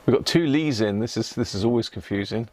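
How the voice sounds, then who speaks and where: A man's voice: medium pitch, fairly quick, a little mellow, no echo. A man hosting a casual livestream, chatting with viewers by name and stumbling over unfamiliar words. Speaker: livestream host. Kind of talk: casual live chat.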